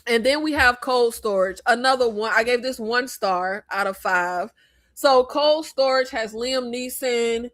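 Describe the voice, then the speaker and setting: A high-voiced American woman from the United States hosts a casual movie review chat. She's blunt, animated and opinionated, drifting into rambling asides.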